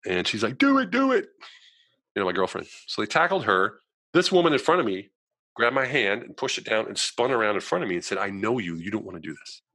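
A man tells his personal story as a guest in a conversation, with a very deep, forceful voice and a rapid pace. He animates his story by acting out the people he quotes, and pads his sentences with "you know". The recording is dry and close. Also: animated, no echo.

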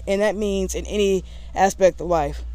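A woman's voice: mid-range voice, moderate pace, mellow. A woman vlogger in casual talk to camera, candid and rambling with a sassy edge.

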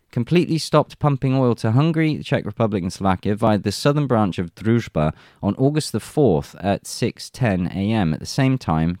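A man's voice: low-pitched, a little mellow, no echo, clean studio sound. A man reading news reports aloud and adding wry, chuckling remarks in casual commentary. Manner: reads reports then jokes and chuckles.

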